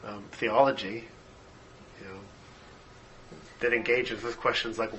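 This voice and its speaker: A man's voice: lowish voice, steady tone, measured pace, long pauses, bright, forceful tone, slight background noise, poor audio. A man leading a casual discussion, talking with enthusiasm and lots of fillers, while losing his voice. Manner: enthusiastic, many fillers and laughs.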